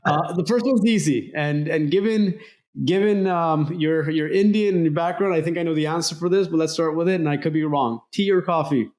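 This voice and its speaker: A middle-aged man hosting a podcast interview, talking earnestly in a motivational way and acting out remembered dialogue with lively emphasis. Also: a little high, normal speed. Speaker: podcast host. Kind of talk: conversational interview.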